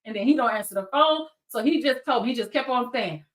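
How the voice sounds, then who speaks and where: A woman hosting her own show, telling a story straight to camera in a lively way and talking to her viewers directly. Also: a little high, fast talker. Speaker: searcher for biological families, show host. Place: lives in Georgia.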